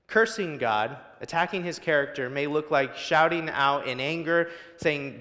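A man's voice: medium pitch, moderate pace, few pauses, sharp tone, long reverb tail. A male guest preacher delivering a sermon in a church, building emphasis through repetition. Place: church sanctuary.

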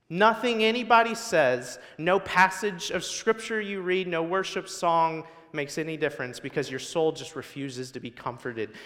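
Man preaching, slightly high voice, emphatic and repetitive, long church reverb. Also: a bit bright. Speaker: guest preacher. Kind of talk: sermon. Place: church sanctuary.

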